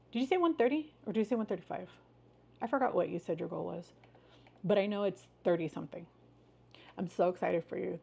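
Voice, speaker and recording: A woman's voice: medium pitch, gravelly, darkish tone. Chatty upbeat woman live-streaming. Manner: chatty and upbeat, greets viewers by name and cheers them on. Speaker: livestream host. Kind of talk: casual live-stream chat with viewers.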